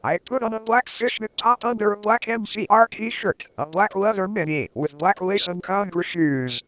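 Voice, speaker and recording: A man's voice: high-pitched, moderate pace, dry recording. A man giving a comic dramatic reading, with wry, sarcastic asides. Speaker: reader. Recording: dull, lo-fi dry recording.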